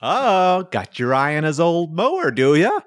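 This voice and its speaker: A man's voice: a little high, wildly swooping pitch, measured pace, dry recording, studio quality, voice pushed up. A man voicing a sweet but sinister widow running a yard sale, in a sugary, falsely cheerful tone. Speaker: podcast host, storyteller.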